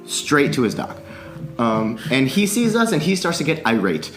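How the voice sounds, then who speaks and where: A man's voice: a little high, big pitch swings, normal speed, music in the background. A man telling a long story in a casual podcast chat, swearing freely and laughing often. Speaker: podcast guest, musician.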